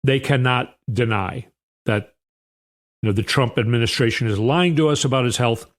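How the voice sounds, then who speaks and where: A man's voice: mid-range voice, normal speed. A man hosting a political commentary show, sarcastic and often sighing. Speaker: host.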